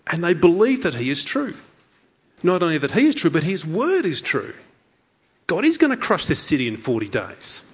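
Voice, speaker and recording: A man's voice: fairly high pitch, breathy edge. A man preaching a sermon as pastor, emphatic and repeating key lines for effect. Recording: dull lo-fi sound.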